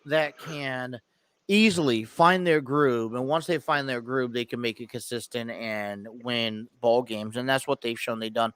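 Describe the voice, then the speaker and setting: A man's voice: mid-range voice, measured pace, fairly bright tone, clear, resonant tone, no echo. A man co-hosting a sports podcast in casual chat, rambling with many restarts and easy laughter.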